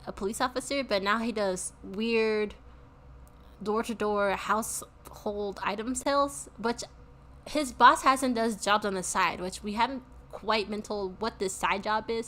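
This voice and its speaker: Bright, chatty woman streamer. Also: medium pitch, moderate pace. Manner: chatty, laughing, talks to chat. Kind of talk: casual let's-play commentary.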